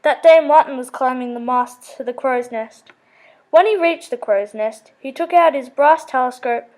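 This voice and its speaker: A woman's voice: high-pitched, moderate pace, darkish tone. A woman reading a children's story aloud, with small slips and self-corrections.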